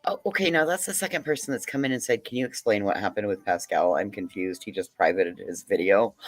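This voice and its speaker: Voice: deep voice, brisk, dry recording. A guest on a casual livestream panel, blunt and jokey, swearing freely.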